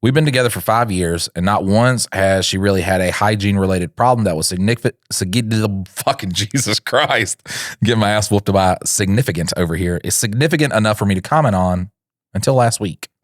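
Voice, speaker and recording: Brief: young male comedy podcaster, low voice, dry close sound, rambling and crude with silly voices. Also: fairly quick, no echo. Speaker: podcast co-host. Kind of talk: comedic reaction chat.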